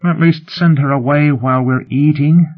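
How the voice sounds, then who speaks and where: A man voicing a prim, fastidious alien companion who pleads and scolds in a raised, fussy tone, over a tinny phone-like line. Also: a little high, expressive, breathy edge, voice pushed up. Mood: pleading. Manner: prissy, pleading.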